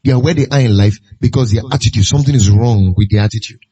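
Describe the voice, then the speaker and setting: A man's voice: on the low side, fast, warm tone, slightly rough, muffled recording. A man preaching a sermon, pressing his point with repeated rhetorical questions. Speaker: pastor.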